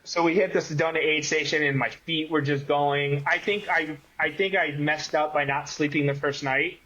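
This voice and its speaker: A man's voice: fairly high pitch, normal speed, lo-fi sound. A man, a guest on a running podcast, telling stories in casual conversation with lots of "like" fillers. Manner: animated storyteller, many fillers like "like".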